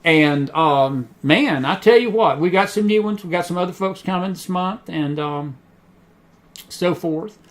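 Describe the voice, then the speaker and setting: A man's voice: sits high, a little slow. A man hosting an online talk show, talking in a chatty, rambling way with many fillers and restarts. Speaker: host. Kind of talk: casual talk show monologue.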